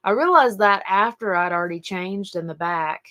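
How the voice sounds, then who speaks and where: A bright-voiced woman with an Appalachian accent, co-hosting a casual chat show. She tells stories in a rambling, animated way, with plenty of fillers and voices for other people. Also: medium pitch, normal speed. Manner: rambling, animated, full of fillers and acted quotes. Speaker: podcast co-host.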